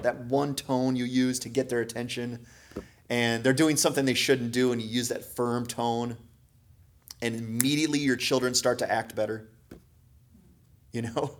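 A man preaching a sermon as pastor, moving between hushed, quiet lines and loud, emphatic ones. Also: medium pitch. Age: adult parent.

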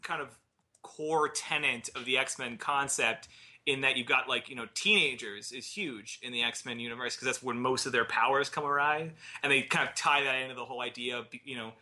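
A man's voice: mid-range voice, fairly even intonation, fairly quick, pushed and bright. A man from Chicago co-hosting a podcast, chatting casually about a movie, laughing often and stumbling over his starts. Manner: laughs often, stammers and restarts. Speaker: podcast co-host. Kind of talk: casual movie review chat.

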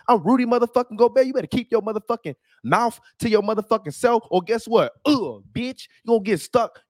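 A man doing a brash loudmouth threatening everyone. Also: high voice, no echo, studio quality, voice pushed up, close to an everyday voice. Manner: shouting profane threats. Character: brash trash-talking man, furious and boastful.

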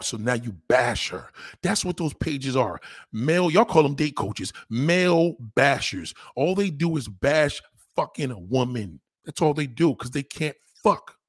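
A man's voice: fairly high pitch, sing-song, normal speed, breathy edge, no room sound, clean studio sound. A man hosting a crude, heated commentary rant, talking straight at his viewers. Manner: blunt, crude and heated, addressing viewers directly. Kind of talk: profane relationship rant.

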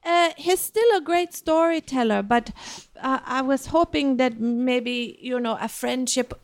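Casual podcast co-host, woman, higher voice, animated storyteller, slightly non-native grammar, dry close recording. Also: measured pace, dry recording. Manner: animated, acts out quoted voices with big pitch jumps.

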